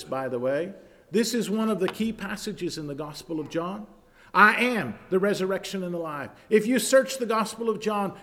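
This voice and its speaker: A man preaching a sermon, reading scripture aloud and explaining it, often building to loud emphatic passages. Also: high-pitched. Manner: reads scripture aloud in King James wording, then explains it. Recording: long hall reverb.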